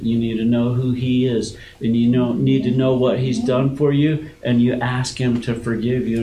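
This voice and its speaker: A man in a casual Bible study discussion, talking earnestly and emphatically and repeating words as he builds his point. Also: medium pitch. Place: room at a group Bible study. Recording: echoey room with loud background noise.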